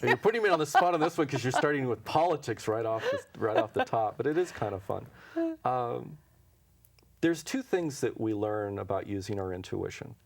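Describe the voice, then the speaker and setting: A man's voice: mid-range voice, sing-song, normal speed, vocal fry, a little hiss or hum. A man being interviewed as an intuition teacher, telling stories in a casual, anecdotal way and acting out the dialogue with frequent chuckles. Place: local TV studio.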